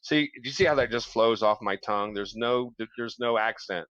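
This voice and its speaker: A man's voice: mid-range voice, normal speed, fairly bright tone, dry recording. A man hosting a casual live-stream chat show, joking and rambling. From mix of New York and Midwest. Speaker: show host. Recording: dull lo-fi stream audio.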